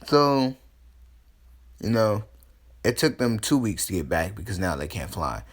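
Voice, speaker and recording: A man's voice: on the low side, very animated, measured pace. A man casually retelling a fan story, rambling with lots of fillers. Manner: rambling, full of fillers and restarts.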